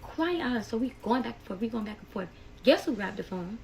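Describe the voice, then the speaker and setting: In a lively, fairly high, creaky voice, a young adult woman rushes a bit through a heated storytime for her viewers. There's some hiss or hum on the rough recording, and her casual, emotional telling keeps calling the audience "y'all."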